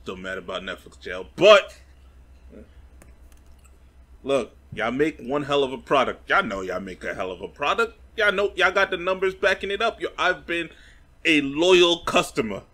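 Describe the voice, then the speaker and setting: A man co-hosting a podcast in casual chat, animated and emphatic, laughing a lot. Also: a little high, normal speed. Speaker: podcast co-host.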